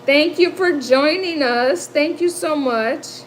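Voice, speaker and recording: On a poor-quality recording with a little hiss or hum, a fifties-aged Midwestern American woman speaks slowly in a high voice. She's a livestream host in casual conversation with viewers, and she comes across as chatty and emotional, often laughing and saying words twice.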